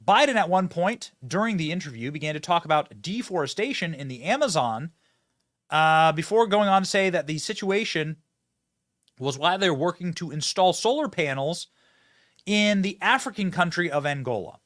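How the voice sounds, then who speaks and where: Lively sarcastic male commentator. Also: fairly high pitch, moderate pace, no echo, clean studio sound. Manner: animated, sarcastic, chatty. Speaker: host. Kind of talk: political commentary.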